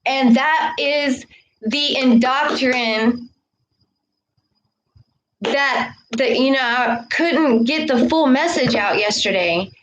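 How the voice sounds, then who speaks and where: A woman preaches at a slow, deliberate pace in a fairly high voice, casually addressing her viewers. She punctuates her thoughts with "okay" and "all right". A faint hiss sits under the recording. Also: dull audio. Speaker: spiritual vlogger. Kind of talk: casual spiritual talk to camera.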